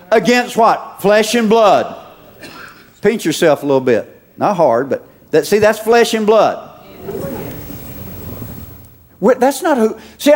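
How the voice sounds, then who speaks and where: A man preaching a sermon to a congregation, asking them questions and calling out louder as he builds. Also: sits high. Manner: preachy, calls out to the congregation with rising shouts. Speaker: pastor.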